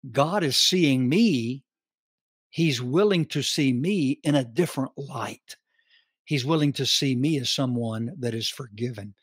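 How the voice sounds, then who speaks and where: A man teaching a Bible study on a podcast, reading scripture slowly with emphatic stress. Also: medium pitch, breathy edge, no room sound, studio quality.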